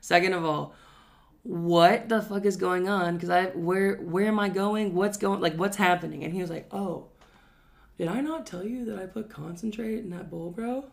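A woman's voice: fairly low pitch, moderate pace, creaky. A young woman, a podcast co-host telling stories in casual chat, loose and profane, often laughing.

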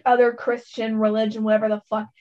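A woman's voice: fairly high pitch, flat delivery, fast talker, a little mellow. Indignant woman, lo-fi sound. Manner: indignant, outspoken, profane. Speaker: podcast co-host. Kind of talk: casual podcast discussion.

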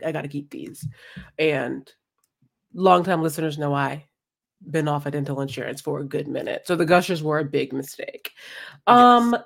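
A young adult woman co-hosting a casual podcast, telling a work story in an animated way and acting out what people said. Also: low-pitched, gravelly. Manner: animated storytelling with voiced-out quotes. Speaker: podcast co-host. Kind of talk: casual chat.

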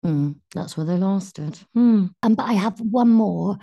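A young Welsh actress telling lively anecdotes in a podcast chat, acting out quotes and talking in quick bursts. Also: female voice, medium pitch, vocal fry. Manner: animated storyteller, acts out quotes, quick bursts. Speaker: actress guest.

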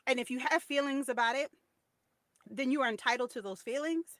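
A woman's voice: high-pitched, fairly quick, fairly bright tone, no echo. A woman co-hosting a podcast, chatting casually and sharing opinions in a storytelling way. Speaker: podcast co-host. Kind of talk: casual chat.

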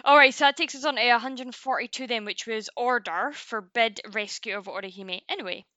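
A woman co-hosting a casual podcast in a dry, close-miked sound. Her voice is bright and slightly high, and she laughs often and swears freely as she acts out the characters she is talking about. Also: a little fast, hardly any pauses, no echo. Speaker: podcast co-host. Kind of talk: casual chat.

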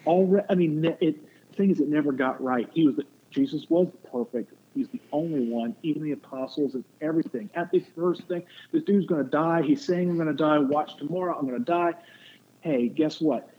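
A man's voice: fairly high pitch, a little fast, few pauses. Man rambling on a tinny line. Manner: rambling, restarts often, acts out quotes. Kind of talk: casual faith discussion. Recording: muffled phone-like line with faint noise.

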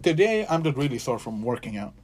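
A man's voice: mid-range voice, big pitch swings, fast, a little hiss or hum. A young man hosting a casual podcast, rambling through stories, swearing freely and acting out what people said. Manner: rambling storyteller, swears freely, acts out quotes. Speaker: podcast host. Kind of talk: casual chat.

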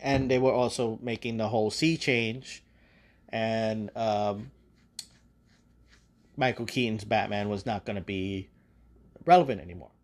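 A man's voice: fairly low pitch, a little slow, long pauses. A man hosting a podcast, casually retelling a movie's plot in a rambling, profane way. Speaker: podcast host. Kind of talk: casual spoiler review.

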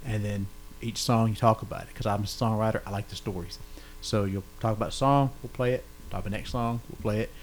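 A man's voice: lowish voice, fairly even intonation, quick pace, few pauses, a little hiss or hum, low-quality recording. A man hosting a podcast, chatting casually with a guest and laughing often. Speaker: podcast host. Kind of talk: casual interview chat.

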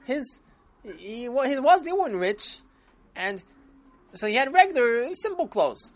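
A storyteller narrates a children's story in a casual, animated way, often restarting phrases. The pitch moves lively throughout, keeping young listeners engaged.

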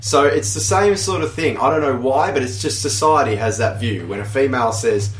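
A man's voice: medium pitch, brisk, soft background music. A young man co-hosting a podcast, chatting casually and backpedalling with repeated words and laughs. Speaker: podcast co-host. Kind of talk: casual banter. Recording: roomy sound, away from the mic.

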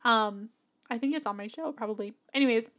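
A woman's voice: a little high, fairly quick, fairly bright tone. A woman hosting her own podcast, talking casually and encouragingly with frequent laughs, recorded on a podcast mic. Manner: chatty, upbeat, encouraging, laughs often. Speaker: podcast host and business coach. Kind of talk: casual motivational podcast talk. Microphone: podcast mic plugged into an audio box.

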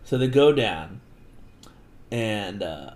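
A man's voice: on the low side, takes it slowly. A man in a casual podcast chat, recapping a book with swearing and acted-out quotes. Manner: animated, swearing, acts out quotes. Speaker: podcast host.

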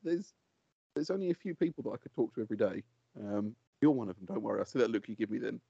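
British guy on a podcast, quick lively chat, husky dry voice, lo-fi. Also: fairly low pitch, no room sound. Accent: British English. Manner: animated storytelling, laughs often. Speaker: podcast co-host. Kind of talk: casual chat. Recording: dull lo-fi sound.

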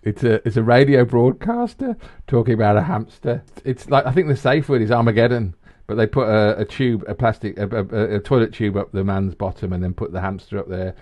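A man chatting casually as co-host, telling stories with lively energy. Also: brisk. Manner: animated storyteller, jumps into high mimicking voices. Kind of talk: casual chat.

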